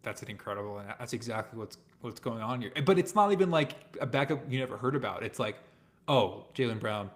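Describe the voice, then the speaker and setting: A man of average pitch chats as a guest on a sports podcast. He gives blunt opinions and often lets his voice drop quietly as he finishes a point. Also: expressive, quick pace. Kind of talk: casual sports chat.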